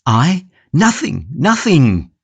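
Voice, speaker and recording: A man's voice: expressive, measured pace. A man voicing an anxious male prisoner who pleads to save his tulip. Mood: pleading. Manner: pleading, higher and tense.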